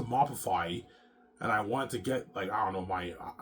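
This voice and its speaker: A self-published author and vlogger speaks directly to his viewers in a rambling, repetitive rant, swearing often and returning to the same points again and again. His voice is fairly low, expressive, and brisk.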